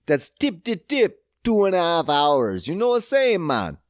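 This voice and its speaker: A foul-mouthed podcast host from Prince Edward Island rants on his own. His pitch leaps up and drops down as he works himself into mock fury. His voice sits close to the mic with a dry, dead sound. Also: normal speed, no echo. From Prince Edward Island, Canada. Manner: swears constantly, ranting and mock-heated; loud, animated pitch swings when riled up. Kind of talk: profane solo podcast rant.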